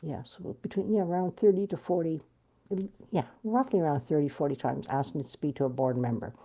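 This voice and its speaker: A middle-aged woman telling a personal story in an interview, animated and blunt, swearing freely. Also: deep voice, a little fast. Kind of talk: candid storytelling.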